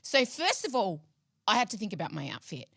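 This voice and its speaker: A woman, co-hosting a podcast and telling a story in a casual, animated way, laughing often and acting out what people said. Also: medium pitch, brisk, gravelly, background noise. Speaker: podcast co-host.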